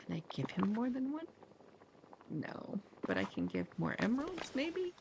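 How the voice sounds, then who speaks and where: A woman's voice: on the high side, huge pitch swings, moderate pace, gravelly, darkish tone, a little hiss or hum, poor audio. A woman live-streaming a video game, chatting casually with viewers in a rambling, giggly, self-deprecating way.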